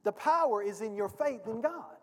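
A man's voice: high voice, lively intonation, normal speed, noisy background. A male pastor preaching a sermon, emphatic and speaking directly to his congregation. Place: church sanctuary. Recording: long reverb of a church hall.

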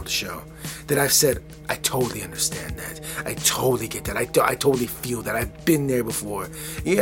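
A tired man in his forties talks into a podcast mic at bedtime, his voice sleepy and relaxed. He rambles earnestly, stumbling over and repeating his words. Faint music plays softly behind him. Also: medium pitch. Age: 40s. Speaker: podcast host. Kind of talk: casual solo podcast talk. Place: at home, relaxed. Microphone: podcast microphone.

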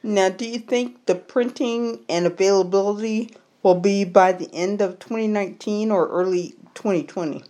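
A woman hosting a podcast, interviewing a guest with measured questions and some hesitant fillers. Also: mid-range voice, warm tone. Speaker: podcast host.

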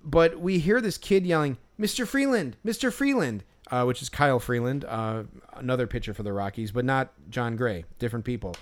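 A man with a mid-range voice co-hosts a casual podcast, telling a rambling story stuffed with filler words. He talks briskly and rarely pauses.

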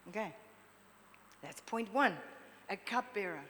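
In a church hall, a woman preacher gives her sermon in a mid-range, unhurried voice that trails into long reverb, with a faint hiss beneath the recording. Her style is lively and conversational, frequently drawing in the congregation with questions.

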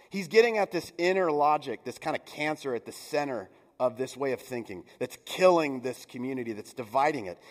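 A middle-aged man preaches a sermon in a church sanctuary. His voice sits a little high, and he keeps it conversational, dropping in playful asides and mock voices. A long reverb from the hall trails behind every phrase. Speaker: pastor.

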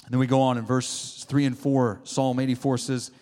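A man's voice: mid-range voice, flat delivery, moderate pace, darkish tone. A man preaching a sermon in a church, emphatic, with rising exclamations and call-and-response asides to the congregation. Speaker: pastor. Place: church sanctuary. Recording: long hall reverb.

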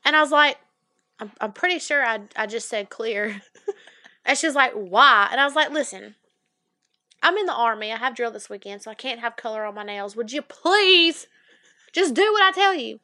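A young woman with a high, bright, crisp voice tells a long, rambling story in casual chat. She keeps circling back with "anyway" and acts out the voices of the people she met. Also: fairly quick. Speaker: podcast co-host.

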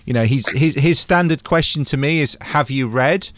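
A man's voice: mid-range voice, normal speed, a bit bright, dry recording. Easygoing male podcast host, dry sound. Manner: easygoing, affirming listener. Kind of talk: casual podcast interview.

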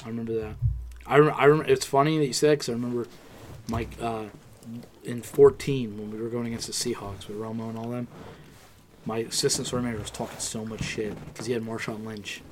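A man co-hosting a podcast in casual chat, telling animated, profane stories. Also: medium pitch, fairly quick, a little hiss or hum. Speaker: podcast co-host.

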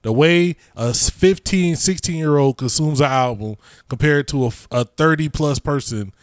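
A man's voice: a little high, normal speed, no echo, clean studio sound. A man hosting a podcast, telling stories in loose, slangy casual chat and steering the conversation. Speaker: podcast host.

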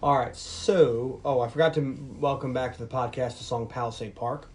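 A man's voice: medium pitch, normal speed, a little hiss or hum. A man co-hosting a movie podcast, retelling scenes in casual chat and acting out quotes. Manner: animated storyteller, acts out quotes. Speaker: podcast co-host.

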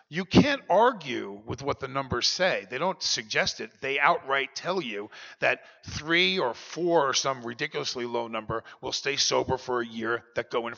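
Brief: confessional keynote speaker, man, bright edgy voice, reverberant hall. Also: medium pitch, creaky. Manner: earnest, confessional storyteller. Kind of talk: personal recovery talk. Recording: dull lo-fi recording, long hall reverb.

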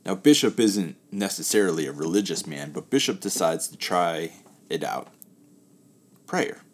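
A deep-voiced man speaking at normal speed hosts a casual talk. He tells a parable in a loose, friendly way, his phrases softly trailing away.

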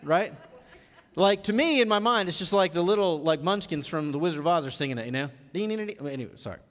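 High-voiced male pastor in a reverberant hall. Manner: builds from low, measured teaching to loud, rising exhortation. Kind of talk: live sermon. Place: church auditorium.

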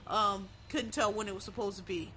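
A woman's voice: mid-range voice, fairly even intonation, brisk, bright, forceful tone, a little hiss or hum. A woman vlogger giving blunt, profane, emphatic opinions in casual commentary, full of rambling asides. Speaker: vlogger reviewing films and shows.

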